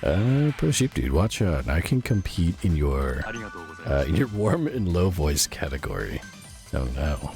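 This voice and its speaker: A man with a very deep voice, hoarse and strained from shouting, chats casually during a game stream. He reacts out loud and replies to chat, his pitch jumping widely from remark to remark in a sing-song, slightly slow delivery. Soft game music runs in the background.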